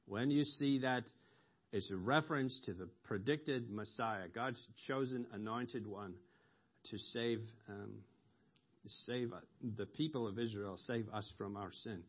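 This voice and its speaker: A man preaching a sermon, explaining scripture slowly with pauses and ums, rising sharply when he quotes a cry for mercy. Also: medium pitch. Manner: slow, explanatory, with ums and emphatic rises on quoted cries. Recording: dull lo-fi recording.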